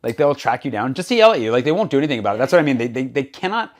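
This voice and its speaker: A man's voice: mid-range voice, rapid-fire. A man hosting a podcast, chatting casually and acting out the exchanges in the stories he tells. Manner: animated storyteller, acts out quoted exchanges. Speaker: podcast host. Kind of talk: casual conversation.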